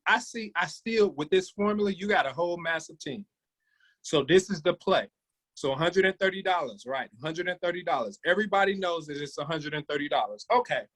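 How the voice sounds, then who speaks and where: A man's voice: a little high, a bit bright, poor audio. A man leading a sales training, coaching his team with energy and calling on listeners by name.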